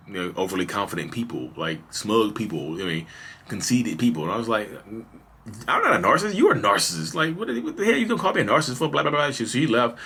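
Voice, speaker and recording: With a low, husky voice that sounds pushed and bright, a man in his thirties opens up on his podcast about his own life. He speaks casually and confessionally, filling gaps with "you know."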